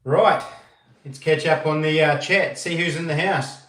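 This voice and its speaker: A New Zealand man hosting a casual livestream, greeting viewers by name in a relaxed, easygoing way from an empty room. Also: a little high, distant mic. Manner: greets viewers by name, slow and laid-back. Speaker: livestream host. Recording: echoey room, voice a bit off-mic.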